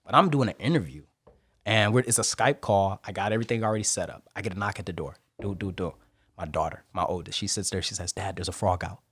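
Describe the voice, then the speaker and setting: A man speaking as a podcast guest in a casual interview, emphatic and preaching, with big swings in pitch and loudness. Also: fast, husky, no room sound.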